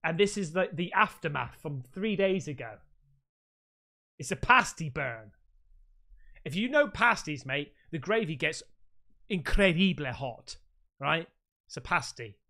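A British man reacting casually to ghost clips, loud and excitable, swearing freely. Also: fairly high pitch, measured pace, long pauses. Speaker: reaction video host.

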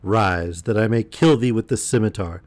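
Guy doing a big angry genie, slow and threatening, lowish voice. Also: darkish tone, lightly acted. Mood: menacing. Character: huge furious male genie, menacing.

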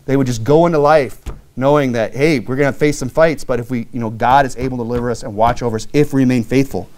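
A man's voice: fairly even intonation, fast, a little mellow. Earnest man preaching a sermon. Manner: earnest, plainspoken preaching with many "you know" fillers; reads King James scripture aloud, rising in pitch on key verses. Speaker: pastor.

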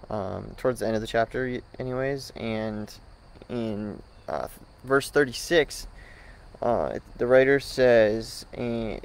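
A man giving a short morning church devotional, hesitant with many pauses and restarts, then reading scripture aloud. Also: medium pitch, creaky, low-quality recording.

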